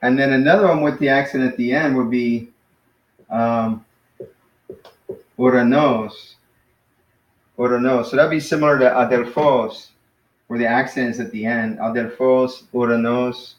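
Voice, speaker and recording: A man's voice: mid-range voice, normal speed, echoey room, lo-fi sound. A man casually teaching Greek pronunciation to a class, hesitant and self-correcting as he explains. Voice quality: hesitant, many fillers and restarts, self-correcting.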